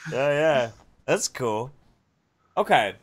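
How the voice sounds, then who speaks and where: A man co-hosting a live-streamed podcast, chatting casually and excitably asking long questions. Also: mid-range voice, slow pace. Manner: excitable, asks questions at length. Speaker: podcast co-host.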